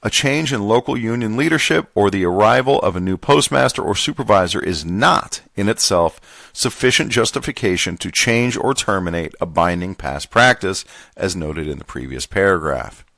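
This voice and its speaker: A man reading a contract manual aloud in a put-on Southern gentleman voice, measured and formal. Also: on the low side, animated, gravelly, dry recording. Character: genteel Southern gentleman reading legal text.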